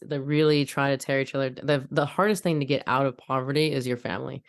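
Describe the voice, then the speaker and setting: A woman's voice: very deep voice, fairly even intonation, fast talker. Reflective woman hosting a podcast. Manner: reflective, repeats words as she thinks. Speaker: podcast host, chiropractor. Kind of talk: casual interview chat.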